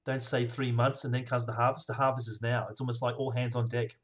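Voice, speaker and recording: A man hosting a casual interview, upbeat and affirming, often answering with quick "yes" replies. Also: medium pitch, flat delivery, fairly bright tone. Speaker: podcast host.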